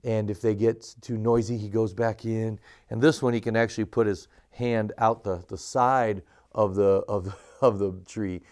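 A man's voice: lowish voice, steady tone, moderate pace, few pauses, a little mellow. A man who leads a church puppet ministry, giving a casual hands-on lesson on puppets, chatty and full of fillers. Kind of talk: casual instructional demo.

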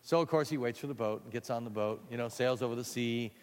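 A man telling a playful children's story to fellow teachers, animated and building up moments for effect. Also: medium pitch, quick pace, in a large hall.

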